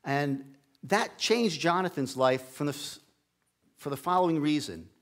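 Middle-aged guy preaching in a church, folksy storytelling, voice a bit on the high side. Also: animated, unhurried, fairly bright tone. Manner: folksy, acts out Bible characters' lines with raised voice. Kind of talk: casual storytelling sermon. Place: church sanctuary.

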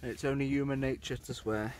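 A man's voice: mid-range voice, steady tone, fast talker. A man vlogging casually outdoors on a windy coast, chatting and rambling with plenty of fillers into a handheld camera. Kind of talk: casual vlog chat.

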